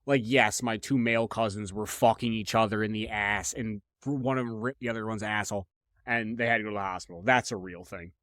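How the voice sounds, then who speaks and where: A young man with a fairly low voice tells stories the way he would among friends. He curses freely, restarts sentences and repeats himself for effect. His voice sounds close and dry, with no room around it. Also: brisk, dry recording. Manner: profane, animated, repeats himself. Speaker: podcast host. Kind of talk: casual comedic storytelling.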